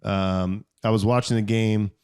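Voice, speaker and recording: A man's voice: on the low side, steady tone, a little slow, darkish tone, clean tone. A man co-hosting a casual podcast, telling rambling stories and mimicking other people's voices as he goes. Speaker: podcast co-host. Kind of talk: casual chat.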